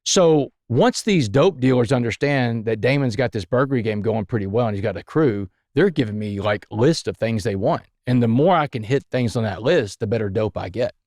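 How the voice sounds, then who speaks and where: A man's voice: mid-range voice, lively intonation, moderate pace, few pauses, a little mellow, dry recording, studio quality. A man, a podcast guest, telling his life story in a vivid, dramatic way.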